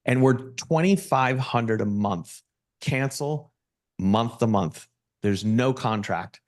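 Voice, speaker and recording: A middle-aged man giving an emphatic, energetic motivational talk as a guest speaker and pitching his branding agency. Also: slow.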